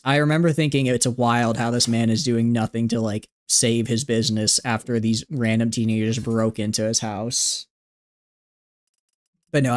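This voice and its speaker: A man streaming a game live, giving playful, rambling commentary full of "like" fillers. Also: medium pitch. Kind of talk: casual live gameplay commentary.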